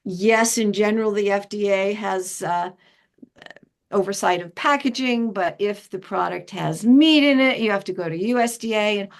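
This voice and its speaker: At a normal speed, an older retired woman who was a founding director chats as an interview guest. Her storytelling is lively, and she mimics those she quotes through sudden pitch jumps.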